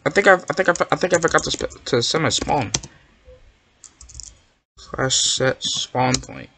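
Excitable bright-voiced gamer. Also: mid-range voice, measured pace. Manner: excitable, yelps and protests when fooled; rambling, self-correcting. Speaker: gamer playing a map. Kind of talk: Minecraft gameplay commentary.

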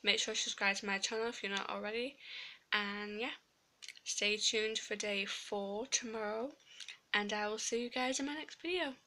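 A woman's voice: medium pitch, fairly even intonation, moderate pace, sharp tone. Chatty young woman with a lisp. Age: young adult. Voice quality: slight lisp from a tongue piercing. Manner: chatty, filler-heavy, rambling. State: swollen tongue. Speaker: vlogger. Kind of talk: casual vlog.

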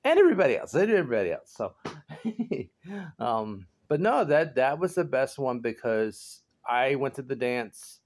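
A man in his forties chatting casually to his viewers from home, rambling and laughing often, jumping into high excited exclamations. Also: measured pace, a little hiss or hum. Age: 40s. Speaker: vlogger. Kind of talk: casual chat to camera. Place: home garage.

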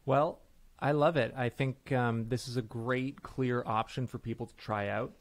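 A man's voice: mid-range voice, fairly even intonation, a little slow. A man co-hosting a podcast, chatting casually and upbeat about improv. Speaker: podcast co-host. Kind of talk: casual chat.

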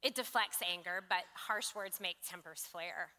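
A woman's voice: fairly low pitch, normal speed, bright, forceful tone. A woman sharing a conversational sermon, earnest and affirming, citing scripture. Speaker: pastor. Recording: long reverb of a church hall.

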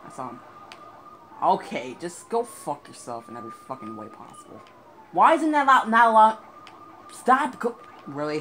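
A man playing through a video game and commenting, often frustrated and swearing at it. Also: a little high. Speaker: gamer. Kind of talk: let's play commentary. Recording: noisy game audio with sirens. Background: police sirens and game sounds.

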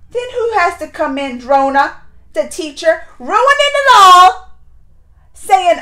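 A woman giving a casual, emotional reaction review of a TV series, rambling with many restarts and swinging between hushed and loud. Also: extremely high pitch, lively intonation, slow. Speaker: show reviewer.

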